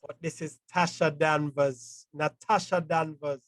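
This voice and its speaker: A man hosting a podcast in excitable, laid-back banter. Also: a little high, measured pace, no room sound. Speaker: podcast host. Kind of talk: casual podcast chat.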